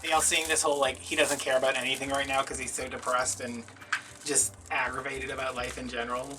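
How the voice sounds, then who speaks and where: A man's voice: medium pitch, flat delivery, fairly quick, recorded from a distance, noisy background. A man chatting casually in a craft vlog from home, rambling and dramatically mocking himself. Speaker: craft vlogger.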